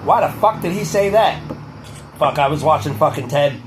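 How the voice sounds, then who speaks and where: A man puts on a boastful older public figure giving a rambling motivational monologue. The voice sits fairly high for a man, keeps circling back to the same phrases and swears freely, with a touch of a Boston accent. A faint background hiss runs under the voice. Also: moderate pace, lightly acted, low-quality recording. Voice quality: rambling, repetitive, profane. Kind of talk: comedic impression monologue.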